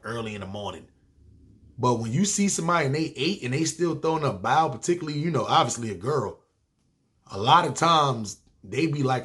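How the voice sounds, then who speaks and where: A New York-accented man in his thirties recounts stories on a podcast, loose and conversational. He talks in street slang and swears freely. His voice sits at an ordinary middle pitch. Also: fairly bright tone. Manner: laid-back street slang, profane. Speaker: podcast host. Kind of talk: casual storytelling.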